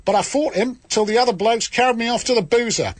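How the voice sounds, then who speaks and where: A man voicing a tough young Australian farm girl in the army, in a mock Australian accent, with a husky, boastful delivery as he reads her letter home. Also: very high-pitched, quick pace, dry recording, voice pushed up.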